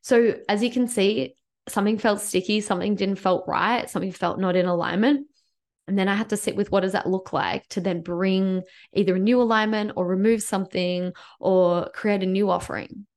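A woman's voice: medium pitch, steady tone, normal speed, a little mellow. A woman hosting a solo business podcast, talking casually and encouragingly, with lots of "like" fillers. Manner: chatty, uses "like" often, upbeat and encouraging. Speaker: podcast host and business coach.

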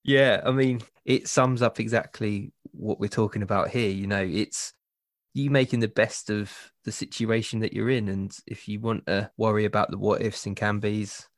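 A man hosting a podcast interview, relaxed and hesitant, laughing easily. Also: lowish voice, normal speed, dry recording, studio quality. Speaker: podcast host. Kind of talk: casual interview chat.

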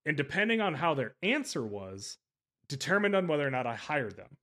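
A man's voice: a little high, sing-song, brisk, pushed and bright. A man hosting a podcast interview in casual chat, talking at length, emphatic and often correcting himself mid-sentence. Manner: rambling and emphatic, with frequent self-corrections. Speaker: podcast host.

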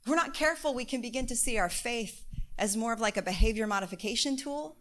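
A young woman preaching in a relaxed, conversational way, often slipping into little acted-out inner voices. Her tone is bright and a touch high. She builds to loud, emphatic stretches before easing back. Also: fast. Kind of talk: sermon.

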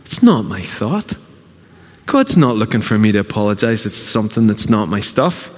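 A man preaching a sermon as a pastor, earnest and emphatic with dramatic pauses. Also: lowish voice, big pitch swings. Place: church auditorium. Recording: long reverb of a church hall.

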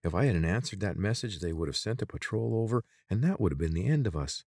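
A man doing a sharp, bossy young woman. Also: on the low side, animated, fast, dry recording, clean studio sound. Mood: urgent, sly. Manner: hissing, urgent and bossy.

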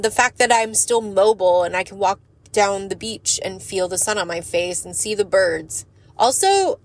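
A woman talking candidly in a personal vlog, frank and emotional, rambling and swearing casually. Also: medium pitch. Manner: emotional and earnest. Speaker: lash business owner and vlogger.

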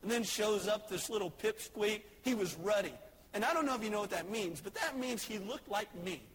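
A male preacher giving a sermon, telling stories and jokes, swinging between soft asides and shouted lines. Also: high voice, lively intonation, fairly quick, a little hiss or hum.

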